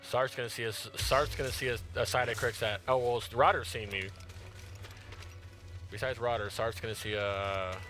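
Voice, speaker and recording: A man giving chatty, excitable live commentary while playing a game, tired after an early start. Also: medium pitch, normal speed, soft background music. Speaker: gaming streamer.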